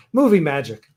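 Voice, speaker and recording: Male host, loose rambling delivery, somewhat higher pitch. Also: husky. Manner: rambling, many fillers and restarts. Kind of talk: casual livestream chat. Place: home, fireworks outside.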